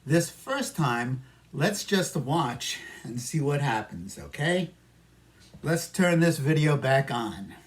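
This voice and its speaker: A slow, lively ESL teacher from New York, a man with a slightly high voice, patiently leads a simulated micro lesson. He speaks to imagined students and answers for them.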